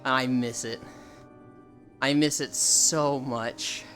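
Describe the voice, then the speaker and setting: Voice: mid-range voice, steady tone, slow pace, fairly bright tone, faint music behind. A young adult livestreamer in casual, rambling chat with viewers, swearing freely and answering chat as it comes. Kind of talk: casual live-stream chat.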